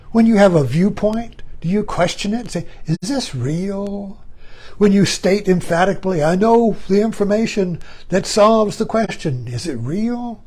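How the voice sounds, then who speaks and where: An older man gives a reflective spiritual talk in a husky voice, unhurried and deliberate. His pitch sits high for a man and swings widely as he presses each question home with long pauses. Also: darkish tone. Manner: slow, emphatic, with long pauses and repeated questions. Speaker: spiritual teacher.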